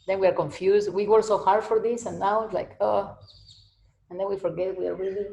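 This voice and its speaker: A woman's voice: mid-range voice, fairly even intonation, fast, creaky, mellow, a little hiss or hum. A woman giving a casual spiritual talk and answering questions, rambling and repeating herself, often laughing. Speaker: spiritual teacher. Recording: echoey room.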